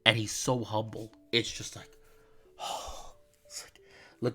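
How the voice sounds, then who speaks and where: A man streaming live, reading a visual novel aloud and chatting in an excitable, rambling way. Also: mid-range voice, takes it slowly, long pauses, slightly rough.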